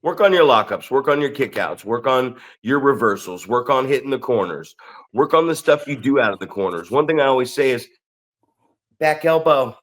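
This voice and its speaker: A man with an American accent co-hosting a wrestling podcast, telling stories in a sarcastic, profane, animated way. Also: mid-range voice, moderate pace. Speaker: podcast co-host. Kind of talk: casual chat.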